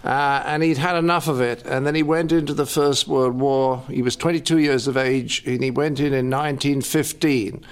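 An older man from England, telling stories in an interview with a dry, deadpan teasing manner. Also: medium pitch, normal speed, hardly any pauses, clear, resonant tone. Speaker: guest. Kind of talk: interview storytelling.

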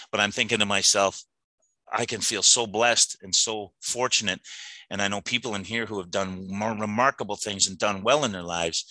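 A man's voice: on the low side, bright, forceful tone, dry recording, poor audio. A middle-aged man giving an earnest, emotional personal testimony to a recovery meeting, often repeating words as he restarts his sentences.

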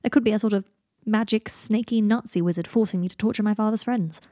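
A woman's voice: mid-range voice, fast, dark tone, no room sound, close to an everyday voice. A woman voicing a weary young wizard who is dying, with dry, theatrical banter. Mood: giddy.

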